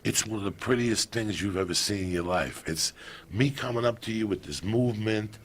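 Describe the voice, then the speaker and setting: A man in his fifties from a Cuban family, telling profane, animated stories as a podcast guest. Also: fairly low pitch, brisk. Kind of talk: casual storytelling.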